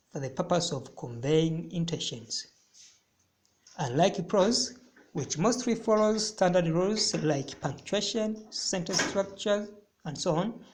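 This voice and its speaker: A man teaching a recorded literature lesson, explaining slowly and deliberately and repeating phrases for emphasis. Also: sits high, a little mellow.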